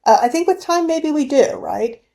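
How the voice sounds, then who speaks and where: Female guest, measured delivery, mellow warm tone. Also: sits high, expressive. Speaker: podcast guest. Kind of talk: casual chat.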